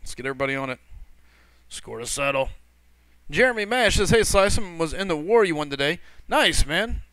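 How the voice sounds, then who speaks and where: A man hosting a gaming livestream, chatting casually as he greets viewers and reads chat messages aloud. His voice is bright and forceful, sits a touch high, and comes across smooth and crisp. He rambles loosely, stumbling over words and correcting himself. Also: animated, fairly quick, dry recording. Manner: loose and rambling, with frequent fillers and self-corrections.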